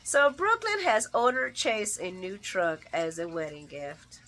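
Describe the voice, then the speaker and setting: A woman talks through the day's soap opera episode in a loose, chatty way, full of slangy asides to her viewers and easy laughter. Her pitch swings widely and her voice has a bright, forceful edge. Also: huge pitch swings, measured pace. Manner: laughs often while talking. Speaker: soap opera recap host. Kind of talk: casual recap commentary.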